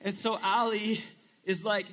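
A man's voice: high-pitched, little pitch movement, measured pace, fairly bright tone. A young man preaching a casual sermon to a live audience, chatty and joking with lots of filler words.

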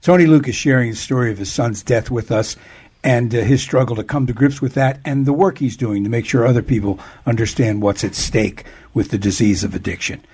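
A male radio talk show host with a husky, slightly rough voice. He speaks with many fillers and stumbles over his words as he talks to his guest. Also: mid-range voice, brisk, darkish tone.

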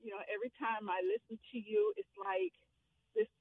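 A woman's voice: fairly high pitch, sing-song, moderate pace. A woman calling in to a radio show, emotional and giggly, speaking with gratitude. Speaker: caller. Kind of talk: call-in radio chat. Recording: phone line.

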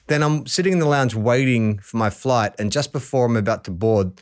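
A man's voice: mid-range voice, brisk, clear, resonant tone. An Australian man, a podcast guest, telling stories in casual chat and laughing often. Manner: animated storyteller, laughs often.

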